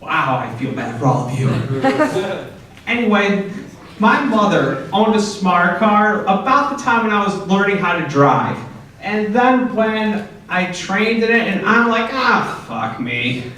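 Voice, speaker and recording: A young man doing a stand-up set in a comedy club, telling stories in a deadpan way and jumping high for quoted outbursts. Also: measured pace, slight background noise. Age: young adult. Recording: echoey club from far off.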